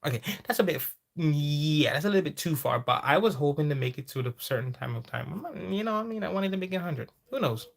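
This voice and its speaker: A man hosting a farming livestream. He chats casually and reads out viewer comments, breaking into sudden high-pitched exclamations. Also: animated, fast, vocal fry, few pauses. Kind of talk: casual live chat, reading viewer comments.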